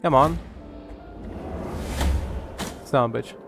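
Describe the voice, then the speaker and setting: A man's voice: mid-range voice, slow, creaky, a bit bright, faint music behind. A young man from Ukraine streaming a game, chatting casually in a rambling way, stammering, and swearing freely. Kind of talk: casual gaming chat.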